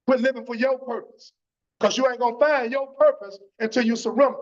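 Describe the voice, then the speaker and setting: Fervent high-voiced man testifying. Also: fairly even intonation, brisk. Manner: fervent, repeats phrases, tags lines with "man". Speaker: church testimony speaker. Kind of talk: impassioned church testimony. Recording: dull lo-fi church stream.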